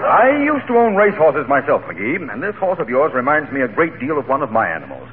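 An actor playing a pompous, stuffy town mayor who gets flustered easily, in 1940s radio comedy style. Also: male voice, medium pitch, huge pitch swings, a little fast, phone-quality sound. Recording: scratchy old radio broadcast with audience.

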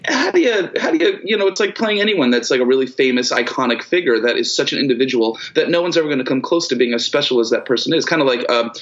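A man's voice: medium pitch, lively intonation, fast talker, hardly any pauses, dull audio. A man co-hosting a podcast, chatting casually and enthusiastically, often restarting his sentences. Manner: enthusiastic, gushing, many restarts. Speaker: podcast co-host. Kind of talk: casual chat.

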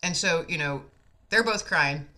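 A woman's voice: deep voice, unhurried, pushed and bright. A woman hosting a casual conversation, telling an earnest, heartfelt story with frequent fillers.

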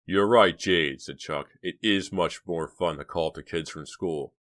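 A man voicing a reckless teenage boy prankster in an audiobook, with slow, drawn-out, menacing delivery. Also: low voice, fairly bright tone, no room sound, clean studio sound. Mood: smug. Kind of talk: audiobook character voice.

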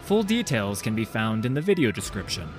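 Male channel host for an outro, animated, music faintly under. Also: lowish voice, a little fast. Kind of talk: outro announcement.

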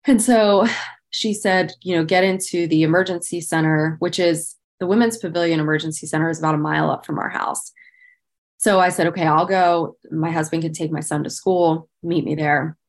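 A low-sitting, steady voice at normal speed belongs to this woman in her thirties, a guest on a podcast. She speaks openly and earnestly about her own life, using "like" frequently and with intense feeling. Recalling painful memories, she shows visible emotion.

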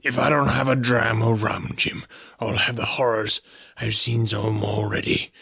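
A man reading an audiobook voices an old, sick sea captain who talks like a salty sailor, cursing and wheedling in a gravelly, raspy voice. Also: lowish voice, bright, forceful tone, dry recording, clean studio sound. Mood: pleading. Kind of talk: audiobook character voice.

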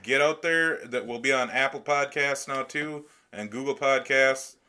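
A man's voice: mid-range voice, unhurried, sharp tone, clear, resonant tone. A man co-hosting a casual podcast with friends, telling crude stories and laughing often. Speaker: podcast co-host. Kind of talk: casual chat among friends.

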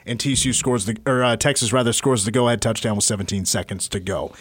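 A man hosting a sports talk show, recapping a college football game in steady, casual detail. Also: fairly low pitch, quick pace, slightly rough, dry recording. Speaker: sports radio host.

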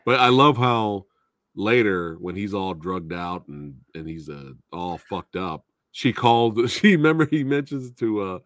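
A man's voice: on the low side, lively intonation, unhurried, a bit bright, no room sound, clean studio sound. A man, a podcast guest, chatting casually about a series, agreeing often and laughing easily. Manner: agreeable, lots of short yeahs, laughs easily. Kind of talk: casual review chat.

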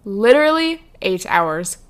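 A young woman hosts her podcast and tells a travel story alone at the mic. She talks in a loose, chatty way, with many fillers and a few swear words, at a middle pitch. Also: very animated, unhurried. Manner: chatty, lots of "like" and "um", swears freely. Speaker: podcast host. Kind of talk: casual storytelling monologue.

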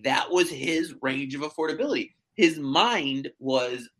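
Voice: mid-range voice, expressive, a little slow. A real estate agent chatting casually as a podcast guest, telling stories animatedly with many fillers and restarts.

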